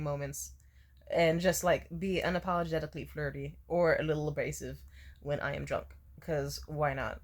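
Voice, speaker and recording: A woman's voice: fairly low pitch, a bit bright. A hungover young woman telling a rambling, swear-filled story to camera, laughing often. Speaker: vlogger. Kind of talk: casual storytime rant.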